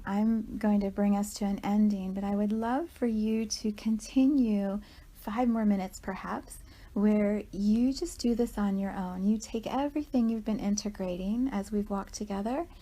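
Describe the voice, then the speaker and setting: A woman guides a walking meditation in a warm, mellow voice. She speaks gently and conversationally, often checking in with the listener as she goes. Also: mid-range voice. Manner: gentle, conversational, with frequent "right?" asides.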